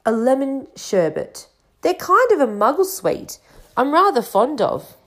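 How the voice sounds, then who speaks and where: A woman voicing an old male wizard headmaster who speaks calmly and gently, with a touch of teasing. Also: sits high, a little slow, pitched above the performer's own voice. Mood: gentle. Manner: calm, gentle, mildly teasing.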